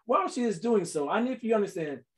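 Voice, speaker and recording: A man's voice: high-pitched, very fast. A man co-hosting a casual comedy podcast, joking and jumping in often. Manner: animated, joking, interjects often. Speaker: podcast co-host.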